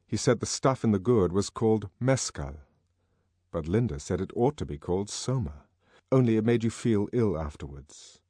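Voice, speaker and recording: Low-voiced male audiobook narrator. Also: breathy edge, no room sound, studio quality. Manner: measured, expressive storytelling.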